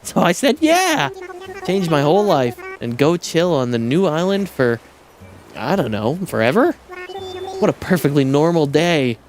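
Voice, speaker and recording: A streamer giving casual, excitable commentary while playing a game, swearing freely and laughing often. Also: medium pitch, moderate pace, slight background noise.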